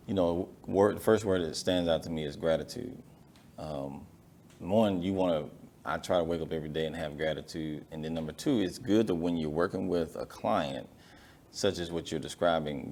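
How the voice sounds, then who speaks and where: A man's voice: very deep voice, slight background noise. A man hosting a business interview show, reflecting on what his guest said and affirming it. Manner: reflective, gives affirming murmurs, gentle teasing. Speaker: podcast host.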